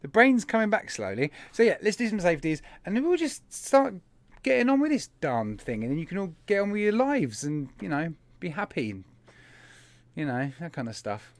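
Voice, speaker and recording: A man's voice: high-pitched, very animated, moderate pace, no echo. A man hosting a live stream, chatting in a casual, upbeat way and greeting viewers one by one. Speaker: host of a vaping live stream.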